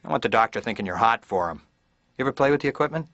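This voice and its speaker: A middle-aged comedian playing a therapy patient in a cartoon, rambling in a self-deprecating stand-up routine. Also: male voice, mid-range voice, animated, very fast, a bit bright, dry recording. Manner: rambling, self-deprecating, slips into silly voices. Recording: dull dry cartoon soundtrack.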